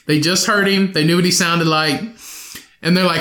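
Young male podcast host, loose and profane, slightly high, bright tone, echoey room. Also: quick pace. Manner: profane, rambling, animated storytelling with laughs. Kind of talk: solo podcast storytelling.

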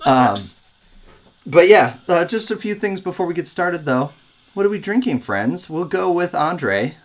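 A man's voice: high-pitched, expressive, unhurried. Upbeat rambling male podcast host. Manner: upbeat, rambling, self-deprecating. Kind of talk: casual chat.

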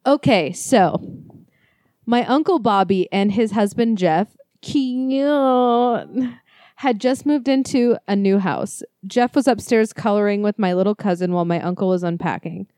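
A woman co-hosting a podcast, chatting casually and reading listener ghost stories aloud with quick, laughing, profane asides. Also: mid-range voice, warm tone, dry recording, clean studio sound. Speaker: podcast co-host.

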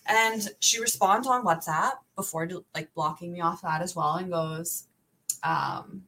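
A woman's voice: on the low side, animated, normal speed, sharp tone, poor audio. A young woman, a podcast guest, telling a candid story in a profane, exasperated run-on way.

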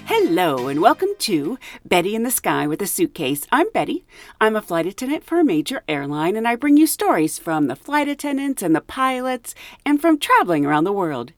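A woman's voice: mid-range voice, big pitch swings, brisk, no room sound, faint music behind. A woman who works as a flight attendant hosting her podcast, telling a story in a chatty, giggly way with plenty of ums and uhs. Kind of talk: casual storytelling monologue.

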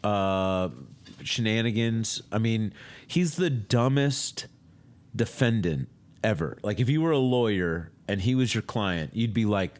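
A man co-hosting a casual political talk show, rambling and halting, with frequent restarts and wry jokes. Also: lowish voice. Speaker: podcast co-host.

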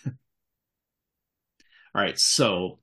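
A man running a tabletop game as game master, laughing often and narrating at an easy, drawn-out pace. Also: lowish voice, husky. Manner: laughs often, drawling and relaxed.

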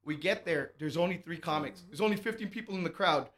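A man's voice: on the high side, fast talker. A man from Laredo, a stand-up comic, telling stories in a casual chat and acting out the people in them. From Laredo, Texas. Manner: animated storyteller acting out voices. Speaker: stand-up comedian guest. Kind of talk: casual podcast storytelling.

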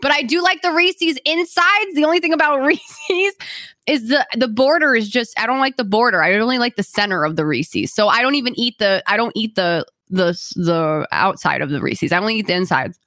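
Giggly high-voiced woman, playfully teasing. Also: animated, fairly quick, pushed and bright, no echo. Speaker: podcast co-host. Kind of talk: casual chat.

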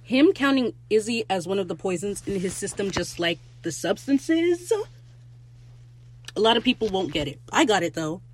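A young woman hosting a casual solo podcast, gushing and excitable as she recaps a TV episode and quotes characters in quick asides. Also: medium pitch.

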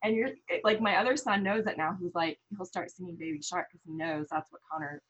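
Husky-voiced middle-aged woman, animated guest. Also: fairly low pitch, fairly quick, dull audio. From American Midwest. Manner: animated storytelling, frequent restarts and laughs. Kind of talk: casual interview talk.

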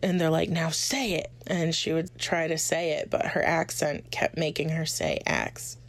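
A woman's voice: low-pitched, little pitch movement, moderate pace. A woman telling an interviewer about her school memories in a casual, chatty way, full of "like.". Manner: chatty, many "like" fillers.

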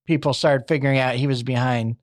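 A man's voice: mid-range voice, steady tone, a little fast, no room sound, studio quality. A young man narrating a true crime story casually, with wry asides.

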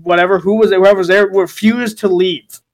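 A man's voice: high voice, steady tone, moderate pace. A young man hosting a casual podcast chat, rambling with lots of fillers and restarts. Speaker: podcast host.

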